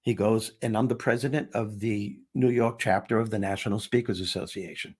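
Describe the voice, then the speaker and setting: A man with a husky, somewhat breathy voice tells a story in conversation. He acts out every exchange, dropping his voice low for the quiet moments and lifting it for the excited ones. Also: fairly quick. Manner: acts out dialogue, shifting voice for each person. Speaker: guest, comedian and speaker.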